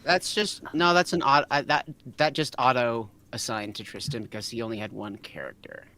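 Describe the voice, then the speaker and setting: A man co-hosting a comedy reading, explaining things casually with halting restarts. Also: medium pitch, steady tone, sharp tone. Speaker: co-host. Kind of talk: casual group chat.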